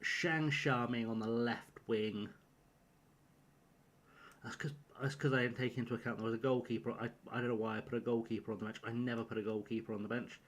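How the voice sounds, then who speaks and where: A man's voice: mid-range voice, steady tone, a little fast. Flustered man streaming a game. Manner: rambling, flustered, talks to himself while picking a team. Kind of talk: live-streamed gameplay commentary.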